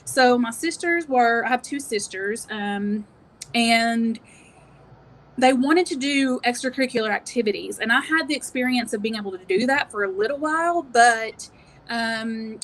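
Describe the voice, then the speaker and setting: A woman's voice: fairly high pitch, a bit bright. Tennessee-accented woman telling her story. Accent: East Tennessee. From East Tennessee. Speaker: guest entrepreneur.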